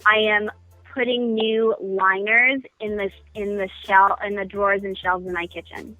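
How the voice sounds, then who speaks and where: A woman's voice: medium pitch, flat delivery, normal speed, pushed and bright, no room sound, lo-fi sound, soft background music. A woman guest chatting casually in a phone-in radio interview, self-deprecating and full of ums. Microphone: phone call.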